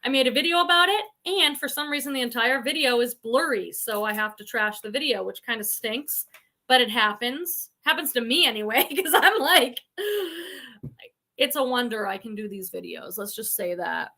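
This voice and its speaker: A woman's voice: a little high, a little fast, sharp tone. A woman with a Boston accent hosting a casual livestream, chatting and reading viewer comments aloud. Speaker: reseller livestream host.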